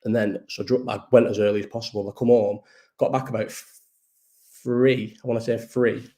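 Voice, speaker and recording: A man talks to his viewers in a loose, meandering live chat. His voice is dark and mellow, and he sounds tired. He swears freely and keeps breaking off and restarting his sentences. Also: fairly low pitch, little pitch movement, normal speed. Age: 30s. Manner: rambling, swears a lot, restarts and trails off. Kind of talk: casual chat.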